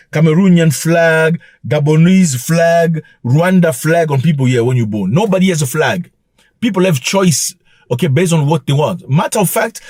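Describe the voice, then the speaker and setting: A man hosts an opinion vlog, lecturing his viewers with mocking asides. His husky voice sits a bit high and swings widely in pitch. Faint music plays behind him. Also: darkish tone, no echo. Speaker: channel host.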